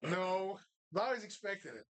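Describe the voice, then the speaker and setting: A man's voice: high-pitched, lively intonation, unhurried, a bit bright. A male podcast host, rambling through crude, profane banter. He tells stories loosely and jokes his way through sponsor plugs.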